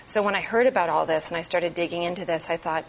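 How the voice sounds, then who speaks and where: Earnest, low-voiced woman speaking in church. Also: fast, a little hiss or hum, poor audio. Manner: earnest, emphatic, urgent. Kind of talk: impassioned advocacy talk.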